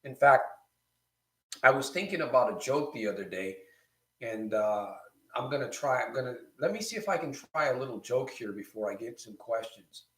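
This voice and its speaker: A man's voice: medium pitch, expressive, moderate pace, fairly bright tone. Encouraging male recovery coach, echoey room. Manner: encouraging, repeats phrases, reads viewer comments aloud. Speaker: recovery coach and show host. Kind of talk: live-stream motivational talk.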